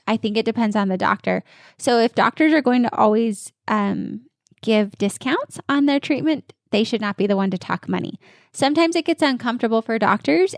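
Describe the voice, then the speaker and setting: A woman dental practice consultant giving energetic, confident coaching answers in an interview. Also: a little high, dry recording, studio quality.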